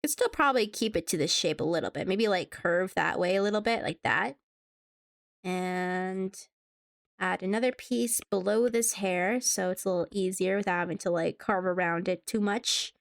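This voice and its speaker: A woman with a medium-pitched, gravelly voice speaks at normal speed as a VTuber streamer. She chats casually with viewers during a live stream while drawing, laughing often and humming along to the music.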